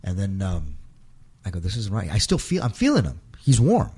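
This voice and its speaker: A middle-aged man as an interview guest, telling an emotional personal story in a halting way, repeating words and acting out quotes. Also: low-pitched, wildly swooping pitch, a little mellow, breathy edge.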